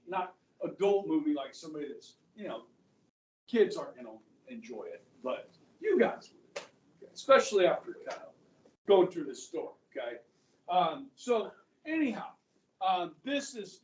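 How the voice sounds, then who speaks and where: A man teaching a history class, talking in a chatty, animated way and checking in with the students again and again. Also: high voice. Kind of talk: classroom lecture. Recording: echoey classroom, mic far off.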